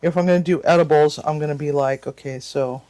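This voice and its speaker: Cooking-channel host for a casual vlog: mid-pitched, chatty, rambling delivery full of restarts and mild cursing. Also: steady tone, brisk, dark tone. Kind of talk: casual storytelling to viewers.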